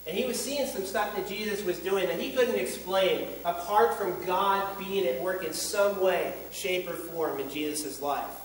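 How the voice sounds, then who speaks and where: A man teaching the Bible as a preacher, speaking earnestly and emphatically, slowing down on key lines. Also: high voice, echoey room, slight background noise, low-quality recording.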